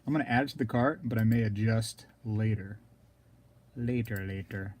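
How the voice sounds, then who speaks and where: A man hosting a casual live stream, rambling to viewers in chat and clearing his throat often. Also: lowish voice, a little fast, darkish tone. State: throat scratchy, keeps coughing.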